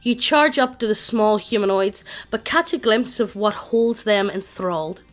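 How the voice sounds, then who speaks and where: A text-to-speech woman's voice narrating a tabletop game, with a flat, evenly paced computer reading. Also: medium pitch, a little slow, faint music behind.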